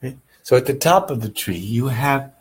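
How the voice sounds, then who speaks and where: A man's voice: medium pitch, expressive, normal speed, husky, rough recording. A man giving a casual, rambling meditation lesson, earnest and often checking in with "right?". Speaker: meditation teacher.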